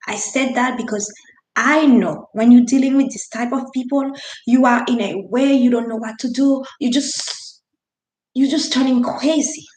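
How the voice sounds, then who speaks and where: A woman's voice: on the high side, fairly even intonation, normal speed, darkish tone, echoey room, a little hiss or hum, rough recording. A woman from Haiti, in her thirties, telling a personal story in an earnest, emphatic way, with restarts and non-native grammar. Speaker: vlogger.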